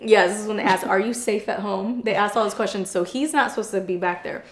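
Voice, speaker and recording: A woman's voice: medium pitch, fast talker. A young woman co-hosting a podcast, speaking openly and chattily, with lots of "like" fillers. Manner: chatty and open, frequent "like" fillers, animated retelling. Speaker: podcast co-host. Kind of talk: candid personal storytelling. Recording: echoey room.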